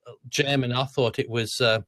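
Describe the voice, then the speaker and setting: Australian man, mid-pitched voice, chatty podcast co-host, dry sound. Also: steady tone, moderate pace, a bit bright, no room sound. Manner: chatty, repeats words when starting. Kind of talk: casual chat.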